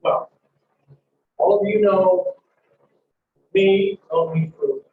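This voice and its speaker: A man lecturing a psychology class, loud and emphatic, swinging his voice for emphasis and acting out little scenes. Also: high-pitched, steady tone, drawn-out words. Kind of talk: classroom lecture with acted scenarios. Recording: echoey lecture hall, dull mic from far off.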